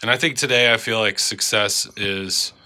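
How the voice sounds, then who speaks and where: A man with a very bright, forward tone and a slightly low pitch, sounding stuffed up from a cold. He co-hosts a podcast and chats casually, thinking out loud and letting his sentences trail off softly. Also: steady tone, normal speed. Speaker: podcast co-host.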